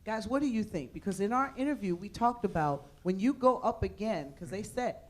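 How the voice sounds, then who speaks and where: A woman moderates a community panel with a mid-range voice. She asks questions and encourages speakers with gentle follow-ups. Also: mid-range voice, lively intonation, fairly quick.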